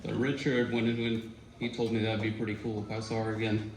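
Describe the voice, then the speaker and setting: A former student tells casual stories at a memorial tribute, speaking conversationally with fillers and quoted voices. His lowish voice has a flat delivery and runs a little fast. The room is echoey, with faint noise.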